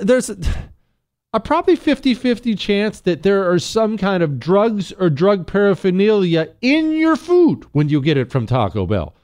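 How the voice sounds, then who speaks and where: A man's voice: sits high, darkish tone. A man hosting a talk radio show, blunt and sarcastic in his opinionated monologue.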